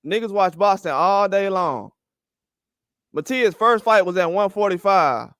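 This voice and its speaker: A man's voice: high voice, animated, measured pace, fairly bright tone, clear, resonant tone, no echo, studio quality. A man ranting about boxing with heated, profane speech and repeated rhetorical questions. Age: older. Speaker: boxing commentary host. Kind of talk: heated opinion rant.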